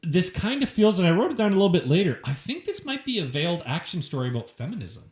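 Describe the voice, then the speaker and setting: A man's voice: high voice, big pitch swings, fast, darkish tone, echoey room. A man co-hosting a podcast, chatting casually in a crude, sarcastic, joking way. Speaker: podcast co-host. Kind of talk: casual chat. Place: shared room with co-host.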